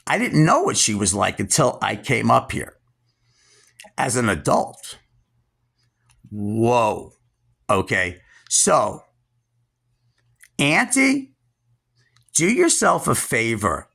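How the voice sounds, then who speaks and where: A man in his sixties ranting scornfully, straight into the camera, at a relative, pausing to stress his words. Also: mid-range voice, wildly swooping pitch, vocal fry, fairly bright tone. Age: 60s. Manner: scornful, drawn-out emphatic pauses. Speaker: vlogger. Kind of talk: angry direct-address rant.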